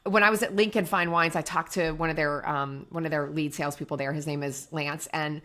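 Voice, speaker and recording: A woman with a lowish voice talks through business ideas in casual conversation. She tells anecdotes and drops into little acted-out quotes as she goes. Her tone stays relaxed and conversational. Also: brisk. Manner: chatty storyteller, acts out quotes. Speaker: podcast co-host and wine brand owner.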